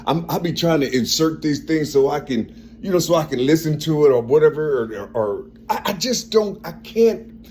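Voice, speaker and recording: A man in his fifties with a strong, forceful tone, talking in a rambling personal monologue and repeating phrases as he searches for words. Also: a little high, animated, normal speed, slight background noise. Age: 50s.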